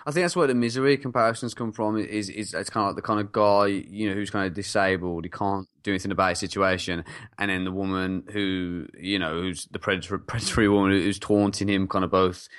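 A man's voice: deep voice, smooth, no room sound, studio quality. A man co-hosting a film podcast, chatting casually and animatedly, full of hedges like "you know". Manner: fast, animated, trailing hedges. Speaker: podcast co-host. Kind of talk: casual film review chat.

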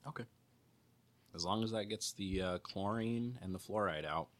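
A man co-hosting a podcast who teases the host in a dry, joking way. His voice is very low but has a bright, forceful edge. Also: normal speed. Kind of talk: casual podcast chat.

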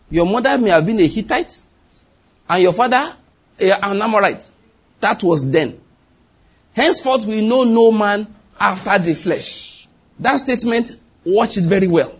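Husky preacher, high voice. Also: male voice. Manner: animated preaching with sudden pitch leaps and acted dialogue. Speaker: pastor. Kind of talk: sermon.

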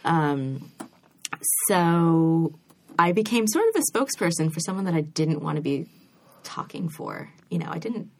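This is a casual interview chat with an American novelist from the United States appearing as a guest. Her voice is low and animated, and she takes her time. She often says "um" and restarts her sentences.

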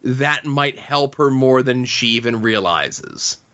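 A man's voice: medium pitch, animated, takes it slowly, fairly bright tone. A man co-hosting a casual comic book podcast, making thoughtful points at length. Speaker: podcast co-host. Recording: dull lo-fi podcast audio.

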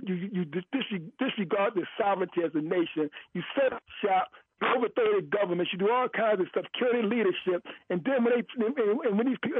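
A man calls in over a thin, tinny phone line, his voice pitched high and a little husky. He rants with heat, stumbling and repeating himself, and he keeps driving his point home like a preacher. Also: no room sound. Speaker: caller. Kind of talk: call-in radio rant. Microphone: telephone.

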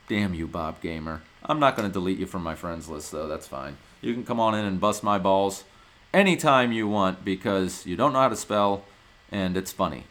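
A man's voice: low-pitched, normal speed, a bit bright. A male podcast host from Ohio, ranting in a brash, profane, mock-indignant way in a casual comedic monologue.

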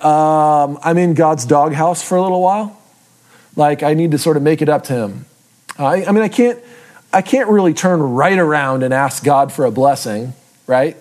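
The speaker is a Bible teacher, a man whose voice runs a bit high and a little mellow. He gives a casual lesson in a conversational style, making fun of himself and frequently checking in with listeners through tag questions.

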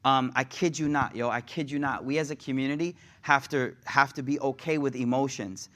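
A man's voice: mid-range voice, fairly even intonation, fairly quick, fairly bright tone. A young adult man teaching a sermon in a casual, slang-filled way, building up to raised, passionate delivery. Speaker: religious teacher.

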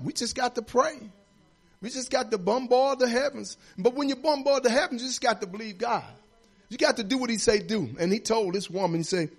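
A middle-aged man preaching a sermon as assistant pastor, folksy and conversational, telling personal stories and rising to shouts. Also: high voice. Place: church sanctuary.

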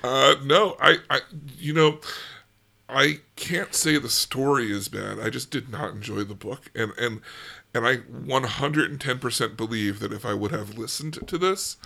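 A man's voice: medium pitch, a little slow, vocal fry, pushed and bright. A man co-hosting a casual book podcast, chatty and laughing often. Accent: American. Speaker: podcast co-host. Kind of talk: casual book-club chat.

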